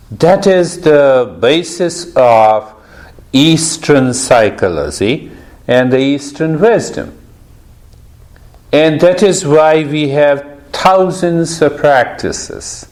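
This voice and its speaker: A man leading a stress management session, talking slowly in a casual way and often laughing. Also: mid-range voice, darkish tone. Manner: slow, laughing often, friendly teasing. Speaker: meditation teacher. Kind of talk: casual group session talk.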